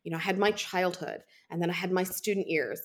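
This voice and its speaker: A woman's voice: lowish voice, fairly even intonation, fairly quick. A middle-aged woman, a podcast guest, speaking candidly and reflectively. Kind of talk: casual podcast interview.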